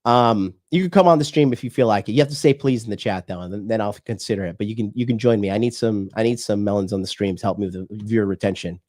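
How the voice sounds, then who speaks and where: A man's voice: fairly low pitch, fast, few pauses, a little mellow. A man from the United States, a dating coach hosting a livestream, talking in a blunt, profane, preachy rant.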